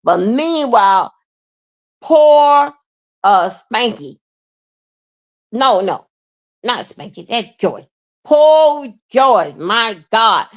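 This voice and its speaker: Slow, halting woman on a livestream. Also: medium pitch, animated, fairly bright tone. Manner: halting and repetitive, many fillers, emotional. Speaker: livestream host. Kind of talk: rambling live-stream monologue.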